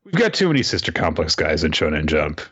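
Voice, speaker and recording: A man casually recapping an anime episode on a podcast, rambling and dropping into quick quoted character voices. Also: very deep voice, wildly swooping pitch, a bit bright, husky, lo-fi sound. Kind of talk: casual chat.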